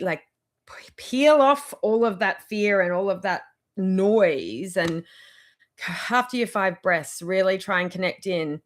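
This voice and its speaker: A woman's voice: medium pitch, unhurried, a bit bright. A woman giving casual motivational advice in a vlog, rambling and chatty, with frequent laughs. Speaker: wellness vlogger.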